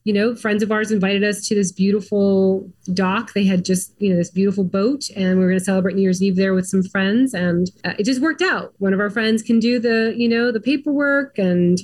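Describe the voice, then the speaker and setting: A woman's voice: medium pitch, a little fast, few pauses, a little mellow. Chatty middle-aged woman telling her story. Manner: chatty, many "like" and "um" fillers. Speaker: podcast guest. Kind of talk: casual interview storytelling.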